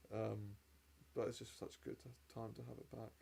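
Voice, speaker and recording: A man co-hosts a podcast in easygoing chat, often answering with short replies. His voice is gravelly, with a dark, mellow tone. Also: lowish voice, little pitch movement, fairly quick, slight background noise. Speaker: podcast co-host. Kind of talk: casual chat.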